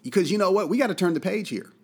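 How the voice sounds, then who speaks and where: An American man giving an impassioned commentary monologue. He talks angrily and emphatically, repeats his points for force, and swings between loud outbursts and quiet, low drops. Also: expressive, racing, breathy edge. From United States. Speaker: political commentator.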